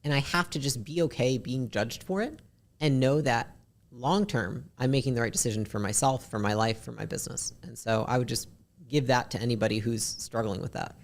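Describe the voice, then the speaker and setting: A woman with a deep, raspy voice, a podcast guest talking bluntly and candidly, swearing casually. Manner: blunt, swears casually, talks fast in bursts.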